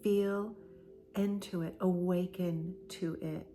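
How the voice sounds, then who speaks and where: Woman, spiritual card reader, low-ish voice, very slow and emphatic, drifts into near-whispers. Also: fairly even intonation, a little hiss or hum. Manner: slow, emphatic and repetitive, dropping into soft breathy near-whispers. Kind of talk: channeled collective oracle card reading.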